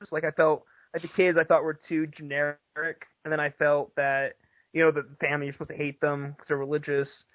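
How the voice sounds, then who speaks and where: A man's voice: fairly high pitch, little pitch movement, a little fast, no room sound. A man chatting casually on a podcast, rambling and swearing, with frequent laughs. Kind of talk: casual chat. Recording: dull lo-fi podcast audio.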